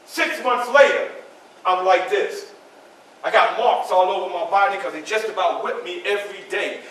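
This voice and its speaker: Actor as Frederick Douglass telling his story live to an audience; bright, sharp delivery in a roomy hall. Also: high-pitched, exaggerated voice. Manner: dramatic, addresses the audience directly. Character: Frederick Douglass, man recounting his enslavement. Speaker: living-history performer. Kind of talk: one-man historical storytelling performance. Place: library event room. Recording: echoey room from far off.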